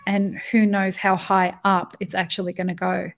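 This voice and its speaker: A woman's voice: medium pitch, flat delivery, normal speed, vocal fry. Impassioned woman talking shop. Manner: impassioned, frequent restarts and swearing. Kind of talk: casual podcast conversation.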